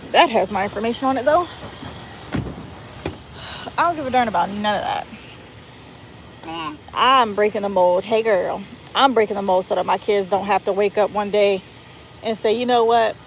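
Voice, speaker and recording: With a medium-pitched voice at a moderate pace, a woman in her thirties pauses often while vlogging on a handheld phone on her way into a store. The heartfelt, casual monologue is earnest, emotional and full of restarts, recorded amid loud traffic.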